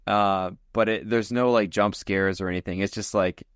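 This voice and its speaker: Animated man retelling a film. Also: lowish voice, normal speed, clean tone, no echo, studio quality. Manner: animated storyteller, acts out scenes. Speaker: podcast co-host. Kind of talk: casual podcast chat.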